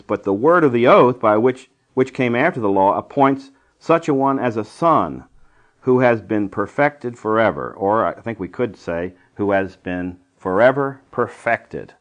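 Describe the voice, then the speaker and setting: A man preaching a sermon, explaining Greek words of a Bible text with emphatic stresses. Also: on the low side.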